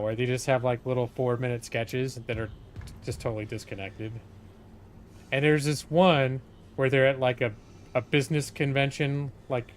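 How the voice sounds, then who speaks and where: A man of middle pitch talks loosely over a game stream, drifting from the game into long anecdotes full of fillers. There is a faint hiss of noise behind his voice. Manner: chatty, digressive storyteller with many fillers. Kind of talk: rambling gameplay commentary on a live stream.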